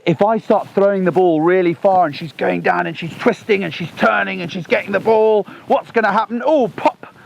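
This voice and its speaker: A man's voice: high voice, vocal fry, muffled recording, a little hiss or hum. Chatty man training a dog outdoors. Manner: chatty and animated, bursts into excited exclamations. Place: outdoors on a lawn.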